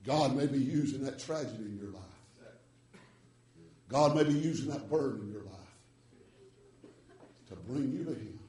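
Fiery shouting preacher, high voice. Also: male voice, roomy sound, far from the mic. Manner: swings from hushed to shouting, with chanted "uh" breaths. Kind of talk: fiery revival sermon.

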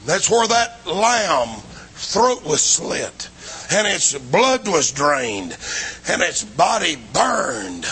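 A man preaching a revival sermon in a church, swinging between shouting and low, hushed lines. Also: very animated, extremely slow, a little hiss or hum. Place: church building.

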